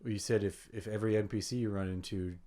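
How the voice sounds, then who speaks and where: A man co-hosting a podcast, chatting casually about tabletop games in a hesitant, halting way. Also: on the low side, fairly even intonation, a crowd in the background. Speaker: podcast co-host.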